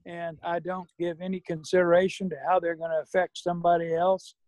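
A middle-aged man, a podcast guest, talking about recovery in a measured, folksy way. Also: high-pitched, level tone, a little mellow, dry recording, low-quality recording. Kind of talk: reflective recovery conversation.

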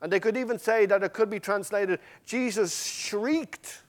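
This preacher's voice sits high, and he talks fast with fairly even intonation. His sermon is passionate, shifting between forceful, loud lines and quiet, near-whispered ones aimed straight at the congregation.

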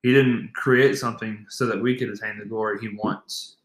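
A man's voice: fairly low pitch, fairly even intonation, moderate pace, a little hiss or hum. A young man co-hosting a faith podcast, speaking earnestly and emphatically. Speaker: podcast co-host. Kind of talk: casual faith podcast talk. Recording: echoey room.

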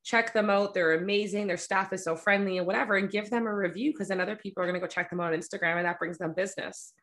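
A woman's voice: mid-range voice, steady tone, fast, fairly bright tone. A woman photographer chatting casually on a podcast about her business. She is blunt and playful, and she acts out conversations with her friends. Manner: blunt, self-described smart aleck, acts out quoted friends with laughter.

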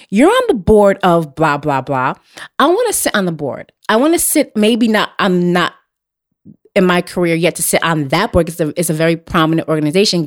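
A young adult woman hosting a podcast, talking bluntly and emphatically, repeating her points and swearing freely. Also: on the low side. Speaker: podcast host. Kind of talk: casual chat.

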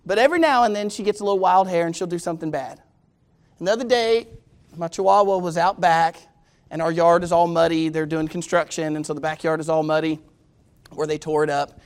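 A man preaching a sermon, telling a funny story and then reading scripture slowly and with emphasis. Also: fairly high pitch, clear, resonant tone. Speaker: pastor.

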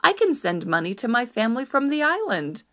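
Woman doing simple worried squire, pleading, urgent, high swooping pitch, storybook reading. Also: big pitch swings, fairly quick. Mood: hopeful. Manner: pleading, urgent, rising to shouts. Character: simple anxious peasant squire, earthy and practical.

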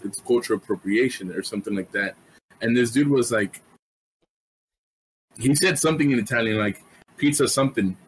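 A man co-hosting a podcast, telling stories in relaxed casual chat. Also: mid-range voice, a little hiss or hum, rough recording.

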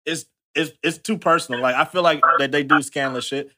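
Fast, bright-voiced man in casual chat. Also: on the high side, fairly even intonation. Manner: earnest, hesitant, restarts often.

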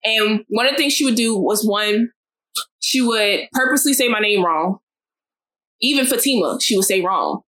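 A young woman from West Africa, telling a story in blunt, profane, animated casual chat as a podcast co-host. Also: mid-range voice, moderate pace.

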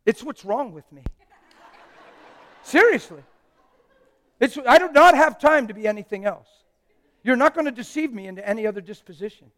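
A middle-aged man preaching with wild swings from excited shouting to hushed, intimate talk, breaking into playful laughing asides. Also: very high-pitched, moderate pace, long pauses, big-room sound. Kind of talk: animated sermon.

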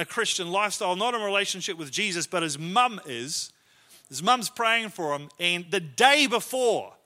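A man's voice: sits high, pushed and bright. A man preaching a sermon in a church, telling stories in a conversational, self-deprecating way. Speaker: pastor.

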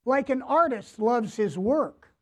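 Slow, deliberate male pastor preaching. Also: extremely high pitch, animated. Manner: slow, deliberate preaching with repeated phrases and questions to the congregation. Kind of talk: sermon. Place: church, before a congregation.

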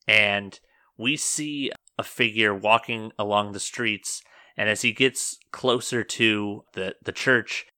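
Game master, man, low and very bright, dry close sound. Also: dry recording. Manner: cinematic scene-setting with fillers. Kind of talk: narrating a tabletop game.

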